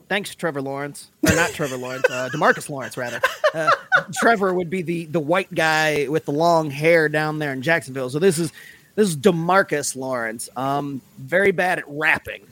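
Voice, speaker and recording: Man, high voice, laughing, animated, casual sports podcast co-host. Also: normal speed, no echo.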